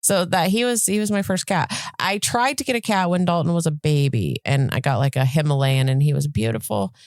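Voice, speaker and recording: Podcast co-host, woman in her forties, low and very lively delivery, dry sound. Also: brisk, dry recording. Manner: animated, acts out her cat's voice. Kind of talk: casual chat.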